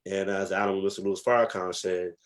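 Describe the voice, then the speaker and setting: A man's voice: deep voice, level tone, fast talker. A man from New Jersey, a guest historian, telling stories from his past in a reflective, emphatic way with many fillers. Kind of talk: casual interview storytelling.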